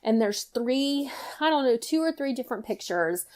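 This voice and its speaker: A middle-aged woman with a drawl recounts a personal story in a loose, chatty way. Her voice sits a little high, and she sprinkles "you know" through nearly every sentence as she retells it with lively feeling. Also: moderate pace. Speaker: guest storyteller, mother.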